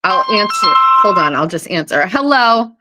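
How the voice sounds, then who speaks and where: A woman chatting casually on a live stream from her kitchen table, excitable and swearing, often gasping and laughing. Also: mid-range voice, moderate pace, music in the background.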